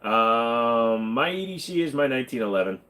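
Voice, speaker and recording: Host: a man of middle pitch, blunt and offhand, joking through a casual livestream Q&A. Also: expressive, moderate pace, fairly bright tone. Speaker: channel host.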